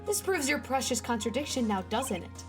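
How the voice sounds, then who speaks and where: A woman voicing a haughty young female prosecutor from a courtroom game, reading her lines in a lowered, cutting voice. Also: big pitch swings, normal speed, over music. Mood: scornful.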